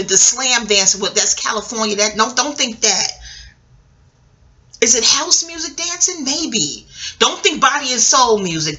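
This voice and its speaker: Lively talkative woman from New York. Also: a little high. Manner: animated, profane, digressive, addresses viewers as y'all. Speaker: vlogger. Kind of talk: casual storytelling monologue.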